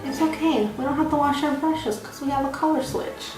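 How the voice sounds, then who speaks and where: A woman's voice: high-pitched, fairly even intonation, a little fast, over loud music. A young woman in her twenties chatting casually while doing her makeup for a get-ready-with-me vlog, rambling and poking fun at herself. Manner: chatty, rambling, self-mocking. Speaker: beauty vlogger. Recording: very echoey room, from far off.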